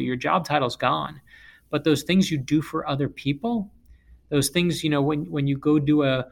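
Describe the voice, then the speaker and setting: A man who is an author, from South Florida, telling stories in an interview in an emphatic, animated way. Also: mid-range voice, gravelly. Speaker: author and guest speaker. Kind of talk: interview storytelling.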